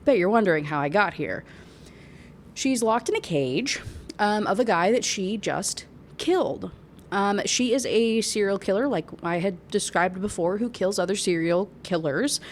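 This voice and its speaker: A woman's voice: medium pitch, animated, measured pace, slight background noise. A woman casually reviewing a book at home, chatty and rambling, with plenty of fillers and laughs.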